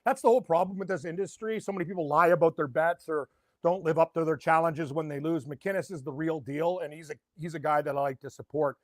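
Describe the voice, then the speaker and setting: High-pitched middle-aged guy rambling about his picks, all worked up, dry close sound. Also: fairly quick, no room sound. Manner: excitable, rambling, asks rhetorical questions. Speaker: sports betting guest. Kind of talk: casual sports betting chat.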